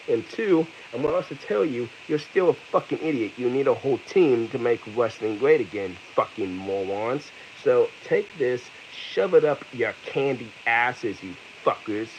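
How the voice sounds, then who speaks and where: A man's voice: medium pitch, dull audio, a little hiss or hum. A man in his thirties from America, ranting heatedly with lots of profanity and repetition in an angry vlog. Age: 30s. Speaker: vlogger.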